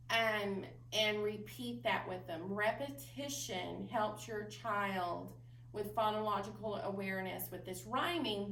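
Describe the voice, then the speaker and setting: A woman librarian giving patient instructional advice to parents, explaining slowly with frequent ums. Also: medium pitch, fairly bright tone. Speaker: children's librarian. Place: library room. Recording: roomy distant mic with faint noise.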